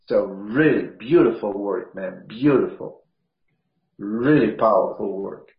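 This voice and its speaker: A man's voice: on the low side, lively intonation, gravelly. Rambling man sharing on a roomy call. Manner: rambling, halting, many fillers. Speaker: participant in the group call. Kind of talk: casual sharing. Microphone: video call. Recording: roomy dull video call audio.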